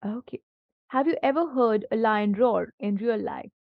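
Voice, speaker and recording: Female tutor, fairly high voice, slow and patient with a young pupil, dull lo-fi recording. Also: vocal fry, no room sound. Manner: patient, encouraging, asks many questions. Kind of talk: one-on-one grammar lesson for a child.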